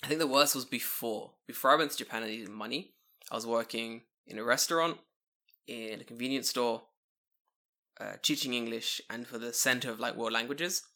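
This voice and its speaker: A young man from the United Kingdom, co-hosting a podcast and telling swear-filled stories in a casual, animated way, acting out both sides of old arguments. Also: medium pitch, a little fast. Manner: animated storytelling, swears often, acts out both sides of conversations. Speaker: podcast co-host. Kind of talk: casual chat.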